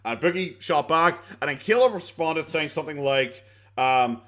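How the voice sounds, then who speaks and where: Irish male reaction host, slightly high voice, sarcastic, rambling, swears a lot. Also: animated, normal speed, a bit bright. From Ireland. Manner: rambling, sarcastic, swears freely, laughs often. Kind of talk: casual reaction commentary.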